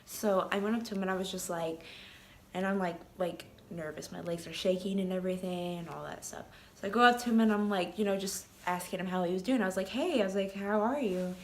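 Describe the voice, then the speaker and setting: A woman's voice: lowish voice, fairly even intonation, fast, slight background noise. A young woman vlogging casually, telling a story in a rambling way full of "like" and "um", with giggles.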